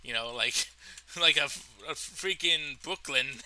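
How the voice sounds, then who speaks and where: A man telling a story from his life in a casual storytime monologue, animated and profane, laughing at his own tale. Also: on the high side, normal speed, poor audio. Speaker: storytelling vlogger.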